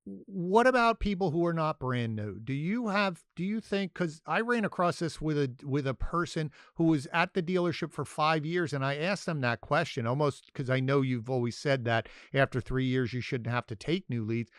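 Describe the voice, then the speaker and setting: A man's voice: a little high, normal speed, few pauses, no room sound, clean studio sound. A man hosting an interview, cutting in with follow-up questions. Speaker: host. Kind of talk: interview conversation.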